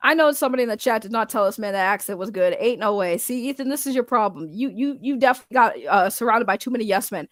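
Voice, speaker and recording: A woman hosting a casual reaction video, animated, laughing often and swearing freely. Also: on the high side, fairly quick, dry recording, studio quality.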